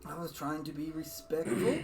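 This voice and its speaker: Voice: medium pitch, moderate pace, vocal fry, darkish tone, recorded from a distance, soft background music, close to an everyday voice. A game master voicing a sly, mocking male devil merchant who teases and gloats. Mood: mock-innocent. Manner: teasing, gloating.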